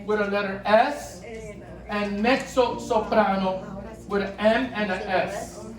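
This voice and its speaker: A woman's voice: medium pitch, steady tone, slow pace. A woman directing a choir rehearsal, explaining parts patiently and switching between English and Spanish. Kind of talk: rehearsal instruction. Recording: echoey room, far from the mic, chatter behind.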